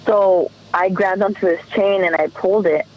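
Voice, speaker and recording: A woman's voice: mid-range voice, fairly even intonation, moderate pace, muffled recording. A woman guest on a podcast telling a personal story in an earnest, emotional way, often restarting her sentences.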